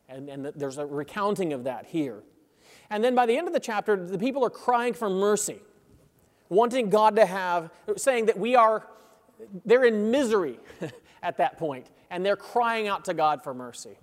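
High-voiced male preacher in a reverberant hall. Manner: conversational, checks in with "right?"; chuckles between phrases, grows intense. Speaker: pastor. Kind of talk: sermon. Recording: long reverb of a large hall.

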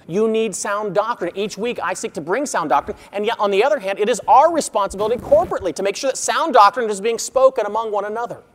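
A man preaching an expository sermon as pastor, earnest, growing loud when reading scripture and quiet on asides. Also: sits high, fast talker, few pauses, in a large hall.

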